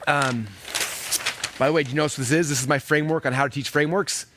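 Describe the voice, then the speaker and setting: A man in his thirties telling a story in an energetic seminar talk, acting out voices and using lots of fillers. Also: a little high, fast talker, background noise. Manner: animated, acts out quoted dialogue with many fillers. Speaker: speaker teaching online business.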